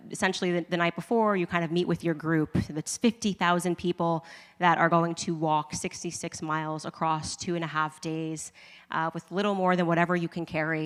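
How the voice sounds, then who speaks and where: Woman, fairly low voice, animated storyteller who laughs a lot, reverb-heavy room. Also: clean tone. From United States. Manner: animated, laughing often, acting out her own reactions. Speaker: commentator. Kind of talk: personal testimony storytelling.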